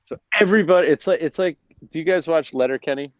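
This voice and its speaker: A man, a brewery owner, chatting as a guest and telling animated jokey stories over a phone. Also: on the high side, fast talker, dry recording. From United States. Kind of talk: casual chat over a phone line. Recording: muffled dry phone-call audio.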